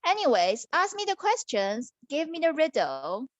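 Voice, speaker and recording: An eager young prince speaks up bravely, as a mother puts him on for her child. The voice stays high and close, recorded dry at home. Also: huge pitch swings, normal speed, no room sound, muffled recording. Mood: earnest.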